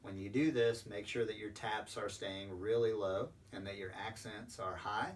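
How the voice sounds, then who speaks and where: A man's voice: lowish voice, steady tone, moderate pace. A man explaining drum rudiments step by step as a percussion instructor, patient and sprinkling in ums. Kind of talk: recorded instructional lesson. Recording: distant mic with faint background noise.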